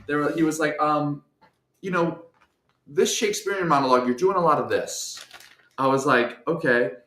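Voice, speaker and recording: A young man tells a personal story with plenty of energy. He acts out every voice in it, drops to soft asides and builds to full shouts. The room is echoey. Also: a little high, normal speed. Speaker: guest storyteller.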